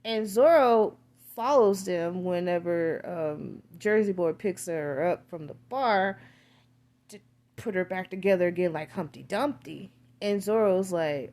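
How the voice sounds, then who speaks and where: A woman's voice: fairly low pitch, a little slow, a little mellow. A woman tells a film's plot in loose, casual chat. She rambles from point to point, drops crude slang and leans on filler words throughout. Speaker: film reviewer. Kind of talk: casual film recap.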